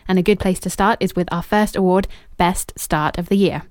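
A woman's voice: fairly low pitch, normal speed, a little mellow, dry recording, studio quality. A woman hosting a podcast in casual chat, playful and teasing. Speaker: podcast host.

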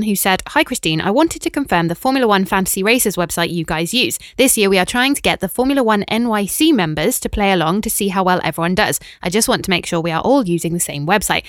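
A woman co-hosts a podcast in relaxed, chatty talk, reading out messages with a dry wit. Her voice sits at a middle pitch, recorded close on a dry mic. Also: dry recording. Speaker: podcast co-host. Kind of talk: casual podcast chat.

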